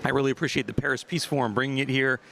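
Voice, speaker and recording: A man's voice: medium pitch, steady tone, rapid-fire, sharp tone, slight background noise. A man moderating a panel, closing it with appreciative remarks.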